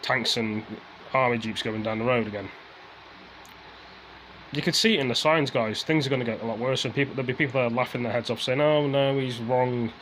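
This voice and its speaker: A man's voice: medium pitch, a little fast, fairly bright tone, slight background noise, poor audio. A man ranting casually to his viewers, rambling and repeating himself as he airs his frustration. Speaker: vlogger.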